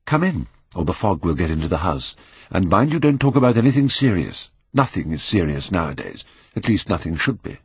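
A man doing a languid, petulant young gentleman. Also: deep voice, big pitch swings, brisk, breathy edge, no room sound, full character voice. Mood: flippant. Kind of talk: audiobook character reading.

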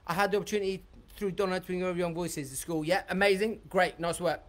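A man leading a live-streamed dance tutorial, excitable and chatty, reading out viewer comments and breaking into high whoops. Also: quick pace, echoey room, recorded from a distance. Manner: bursts into high shouts and whoops. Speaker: dance workshop leader.

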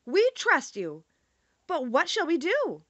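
A woman voicing a tiny female queen mouse with a squeaky little voice, proud and easily alarmed, in a storybook reading. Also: wildly swooping pitch, slow, fairly bright tone, no room sound, exaggerated voice. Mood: earnest. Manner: proud, then timid.

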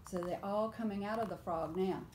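A woman reading picture books aloud at story time, animated and stopping often to ask the children questions. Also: medium pitch, fairly quick, very noisy. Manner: animated, asks children questions and invites them to join in.

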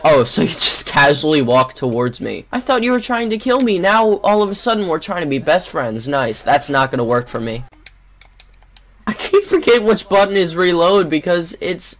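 A young adult gaming host gives casual gameplay commentary into a desktop USB microphone, sarcastic and quick to swear and grumble at the game. The voice is medium in pitch with big pitch swings.

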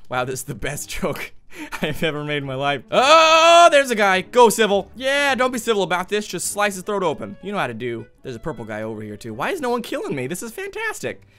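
A man's voice: sits high, sing-song, a little fast, pushed and bright, smooth. A man giving goofy, jokey commentary while playing a video game, exclaiming and talking to other players as he goes. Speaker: gaming YouTuber.

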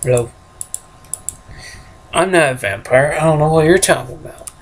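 A man's voice: fairly high pitch, normal speed. A man hosting a game let's play, rambling casually and chuckling to himself as he plays. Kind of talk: casual gameplay commentary.

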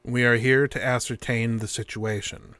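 An actor playing a calm, stiff male interrogator who speaks in flat, formal, repetitive phrases in an audio drama. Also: mid-range voice, moderate pace, no echo, lightly acted.

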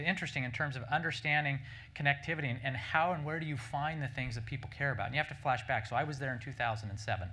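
A middle-aged man, a marketing executive, telling stories to a breakfast audience in an animated way, with many restarts and "right?" asides. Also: mid-range voice. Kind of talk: conference keynote storytelling. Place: breakfast event room before an audience.

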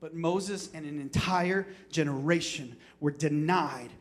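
A male pastor with a notably high voice gives a short sermon to his congregation. He talks plainly to them one moment and climbs into loud, fervent declarations the next, repeating phrases as he presses his point. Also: unhurried. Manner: preachy, rising to shouts and dropping low, repeats himself.

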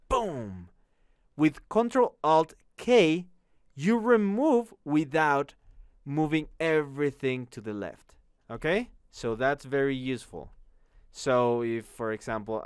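A man teaching an online course, walking through a software tutorial in an upbeat, chatty way, often saying "okay?" after each step. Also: mid-range voice, clear, resonant tone, no echo, studio quality. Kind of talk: screen-recorded software tutorial.

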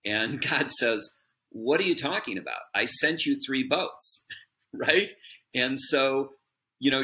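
A man's voice: mid-range voice, sharp tone. A man speaking as a podcast guest, explaining his views earnestly in a conversational way, with frequent fillers and a habitual "right?" at the end of points. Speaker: podcast guest, business chairman. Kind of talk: conversational interview answer.

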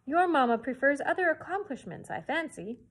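A woman's voice: sits high, big pitch swings, normal speed, fairly bright tone, pitched above the performer's own voice. A woman voicing a haughty, patronizing young English lady in a storybook reading. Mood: condescending.

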